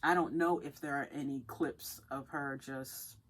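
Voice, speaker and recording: Low-voiced woman explaining thoughtfully. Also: fairly even intonation, unhurried, slight background noise. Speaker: podcast co-host. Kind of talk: casual chat.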